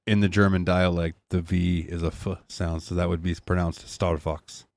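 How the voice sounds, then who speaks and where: A man's voice: deep voice, flat delivery, moderate pace, darkish tone, no echo. A man guesting on a casual podcast, telling stories in an easygoing way. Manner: easygoing, storytelling.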